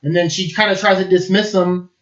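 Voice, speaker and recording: A man's voice: sits high, flat delivery, a little fast, fairly bright tone. Man, casual film review, enthusiastic, rambling, fillers, echoey room, dull lo-fi sound.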